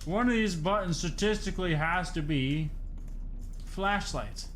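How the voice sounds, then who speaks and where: A young man with a slightly high voice talks his way through a horror game, cracking jokes to himself and yelping when startled. He sounds tired at times. A faint ambience hums behind him. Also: unhurried, a bit bright, slight background noise. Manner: jokey, talks to himself, jumpy outbursts. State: tired, yawning. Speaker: gaming streamer. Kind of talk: horror game let's play commentary.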